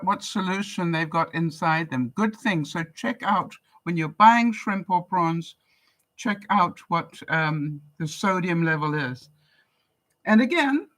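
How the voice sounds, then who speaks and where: An older woman from Canada chatting casually on a live stream, answering viewer comments in a chatty, relaxed way. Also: on the low side, low-quality recording. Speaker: vlogger.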